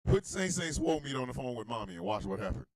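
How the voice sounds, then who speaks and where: A man hosting a comedy talk radio show, ranting in an animated, incredulous, shouting way. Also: medium pitch, quick pace, creaky, no room sound, clean studio sound.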